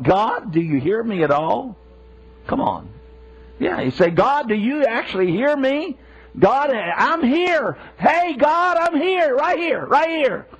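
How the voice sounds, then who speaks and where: Slow, lively high-voiced male preacher. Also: highs cut off. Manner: emphatic, repetitive rhetorical preaching with frequent restarts. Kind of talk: sermon.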